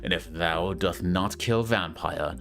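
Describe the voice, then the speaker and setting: A man voicing a menacing dark lord who speaks in archaic words, slow and mock-ominous. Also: low voice, gravelly, soft background music, voice pushed down, heavily acted.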